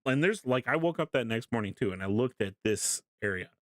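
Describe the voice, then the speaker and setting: A young male streamer tells a story to his chat in a casual, animated way, laughing often and swearing freely. His voice sits at an ordinary male pitch. It is recorded close and dry on a desk mic. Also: fairly quick, dry recording.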